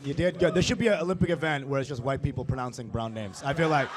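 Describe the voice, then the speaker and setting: Young male comic on stage, high voice that swings all over, crude crowd-work patter. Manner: animated, profane, quick asides to the audience. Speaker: stand-up comedian. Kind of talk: stand-up comedy set with crowd work. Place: comedy stage before a live audience.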